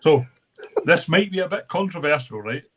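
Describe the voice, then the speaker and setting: A man's voice: fairly high pitch, expressive, moderate pace, a bit bright, husky, poor audio. A man who is a regular on a live chat show, talking in a rowdy, sweary way and laughing often. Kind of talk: casual chat on a live stream. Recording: faint background noise.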